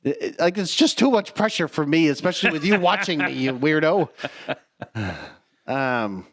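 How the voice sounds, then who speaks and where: A man's voice: fairly high pitch, lively intonation, a little slow, long pauses, no echo, studio quality. A man co-hosting a casual podcast chat, self-deprecating and swearing freely, with sighs and laughs. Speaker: podcast co-host.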